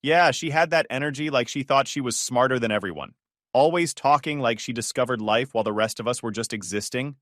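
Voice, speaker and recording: A man's voice: mid-range voice, fairly quick, a bit bright, no room sound, clean studio sound, natural voice. A man voicing an adult male friend who talks in a wry, matter-of-fact way.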